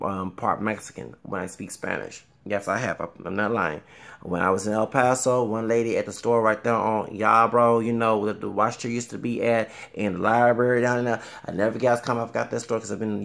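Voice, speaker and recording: A man's voice: on the low side, creaky, a bit bright. A man in his thirties talking casually to camera, rambling with repeated words and frequent fillers. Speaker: vlogger.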